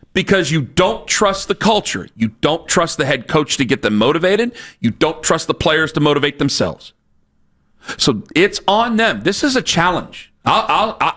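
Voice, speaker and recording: A man's voice: fairly high pitch, pushed and bright. A man hosting sports talk radio, ranting in a fired-up, repetitive, challenging way on a studio microphone.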